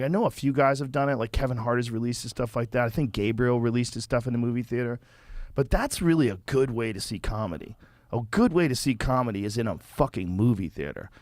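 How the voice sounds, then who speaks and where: A man hosting a podcast, telling stories in a casual, profane, animated way. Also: medium pitch, dry recording, clean studio sound. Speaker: podcast host.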